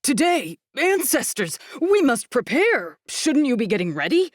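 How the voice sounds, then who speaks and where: A woman's voice: high voice, big pitch swings, a little slow, dry recording, studio quality, voice pushed up, full character voice. A woman voicing an earnest, clueless warrior man in an audiobook, talking in a formal way.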